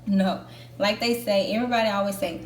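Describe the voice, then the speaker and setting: A woman's voice: mid-range voice, steady tone, brisk. A young woman vlogging in a casual, candid chat to camera, with lots of fillers. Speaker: Air Force trainee vlogger. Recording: echoey room with faint background hum.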